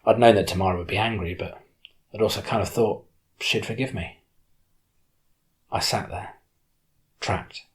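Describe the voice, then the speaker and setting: A man narrating an audiobook in the first person with steady storytelling. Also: lowish voice, normal speed, pauses often.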